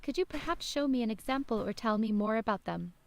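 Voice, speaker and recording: A woman's voice: a little high, lively intonation, fast talker, dry recording. A text-to-speech woman's voice playing a polite, endlessly curious game character with a formal, agreeable manner. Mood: earnest. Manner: formal, overly agreeable, evenly paced.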